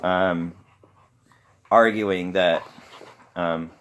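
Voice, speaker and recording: Man, deep low voice, rambling casual lecture, hesitant, lots of ums, self-deprecating. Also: steady tone, extremely slow, fairly bright tone, smooth. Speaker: podcast host.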